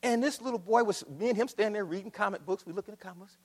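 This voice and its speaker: A man from Ohio preaching a sermon, swinging between loud declarations and quiet asides as he addresses the congregation. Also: high voice, very fast, breathy edge, in a large hall. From Akron, Ohio. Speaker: pastor.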